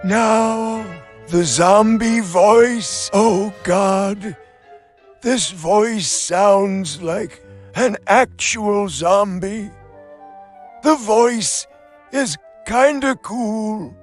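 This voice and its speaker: A text-to-speech man's voice giving slow, drawn-out robotic commentary. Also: sits high. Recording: faint background music.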